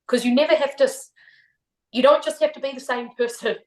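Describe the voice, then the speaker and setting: A woman's voice: high voice, fairly even intonation, brisk, a little mellow. A woman in her thirties with a New Zealand accent, a podcast guest talking candidly and reflectively, laughing often. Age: 30s. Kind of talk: casual chat. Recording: roomy echo.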